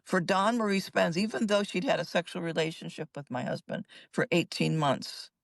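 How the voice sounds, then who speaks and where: A woman's voice: lowish voice, normal speed, vocal fry, dry recording. An older woman, a psychologist, telling her own story in an interview in an emphatic, earnest way. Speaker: guest psychologist.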